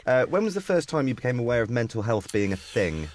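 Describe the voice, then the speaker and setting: A man's voice: mid-range voice, big pitch swings, fast. A man from England, a podcast co-host, telling stories animatedly and swearing freely. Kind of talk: casual chat.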